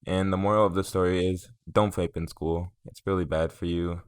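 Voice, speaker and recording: Low flat-voiced young man telling a story. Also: normal speed, smooth, no echo. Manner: rambling, profane, filler-heavy. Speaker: vlogger. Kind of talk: casual story time.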